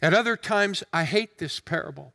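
A male preacher giving an earnest, emphatic sermon in a deliberate manner. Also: high-pitched, lively intonation, gravelly, pushed and bright. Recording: long hall reverb.

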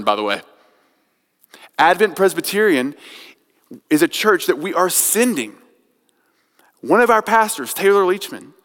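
A man preaching a sermon as pastor, telling a story, swinging from quiet and slow to loud and raised. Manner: storytelling, builds from soft and slow to loud and high. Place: church sanctuary. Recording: long church hall reverb.

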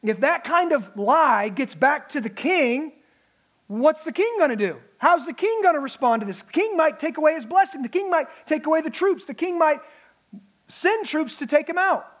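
A man preaching a sermon, animated, acting out the mocking voices of enemies. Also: very high-pitched, normal speed. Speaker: pastor.

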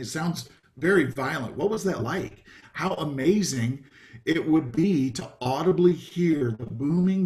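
A man's voice: medium pitch, darkish tone. Man preaching a casual sermon. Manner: conversational, with many ums and asides. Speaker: pastor. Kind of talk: sermon over a video call. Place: home, video call.

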